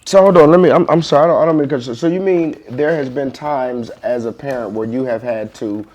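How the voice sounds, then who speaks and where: A man's voice: mid-range voice, a little fast, darkish tone. A man speaking earnestly as an advocate and interviewer, explaining points and checking in with "right?". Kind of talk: advocacy talk and interview questions.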